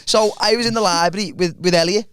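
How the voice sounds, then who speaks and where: A young man with a high voice tells rambling stories on a comedy podcast. He laughs his way through his own anecdotes in loose, casual chat. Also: quick pace. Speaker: podcast co-host.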